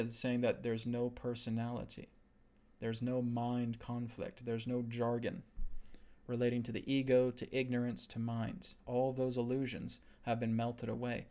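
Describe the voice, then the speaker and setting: A man hosting a live stream and giving a spiritual teaching in an earnest, repetitive way, with frequent "right?" checks. His voice sits at a middle pitch with a gravelly edge.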